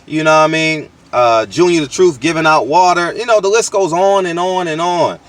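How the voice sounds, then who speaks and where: A man's voice: on the high side, normal speed, fairly bright tone, distant mic. A man hosting his channel, delivering a blunt, slangy, profane opinion rant with lots of emphatic restarts, recorded outdoors. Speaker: channel host.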